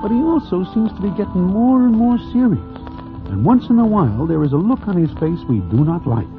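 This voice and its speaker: An actor playing a wry Broadway storyteller who narrates in a formal present tense, in a 1940s radio drama. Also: male voice, high voice, sing-song, brisk, music in the background. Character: wry Broadway storyteller man, plain-spoken. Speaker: narrator and lead character. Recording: tinny old radio broadcast.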